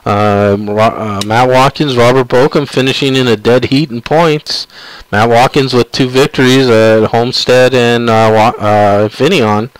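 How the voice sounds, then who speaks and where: A man hosts a live racing broadcast in a smooth, clear voice, recorded dry and close. He stops and starts often, filling gaps with "uh" as he wraps up the event. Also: medium pitch, steady tone, dry recording, rough recording. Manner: halting, many fillers. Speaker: broadcast host.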